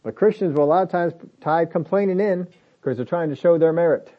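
A man's voice: on the high side, brisk, lo-fi sound. A man preaching a sermon in a conversational way, building to emphatic lists.

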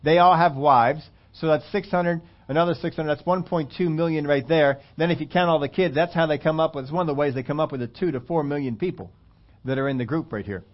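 Male preacher, animated storyteller, slightly high voice, dull recording. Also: fast talker. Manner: animated storytelling, emphatic repetition. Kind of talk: sermon with scripture reading.

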